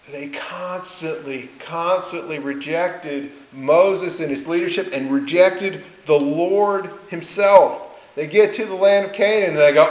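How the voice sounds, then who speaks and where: A man's voice: sits high, a little slow. A man preaching a sermon, telling a story earnestly, asking rhetorical questions and acting out the people he quotes. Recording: roomy echo.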